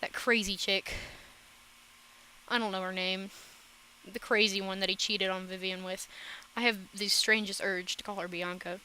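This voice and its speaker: A woman's voice: mid-range voice, steady tone, sharp tone, a little hiss or hum, rough recording. A woman chatting casually in a rambling, profane reaction vlog. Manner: rambling, profane, quick asides. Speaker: reaction vlogger.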